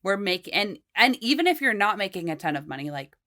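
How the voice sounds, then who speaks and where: A woman hosting a podcast, chatting casually and warmly affirming her guest. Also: mid-range voice, sing-song, a little fast. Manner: encouraging, affirming. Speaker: podcast host. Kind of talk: casual interview chat.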